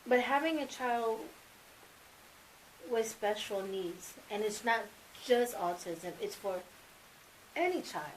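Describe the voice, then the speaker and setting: A mother speaking as an interview guest, telling family stories in a casual, animated way and acting out remembered dialogue. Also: fairly high pitch, slow pace, pauses often, a little hiss or hum, rough recording. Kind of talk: casual sit-down interview storytelling.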